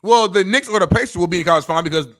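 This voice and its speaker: A sports show co-host with a bright, fairly high voice, recorded close and dry. He argues emphatically, point by point, with plenty of swearing. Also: racing, no echo. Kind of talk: sports talk debate.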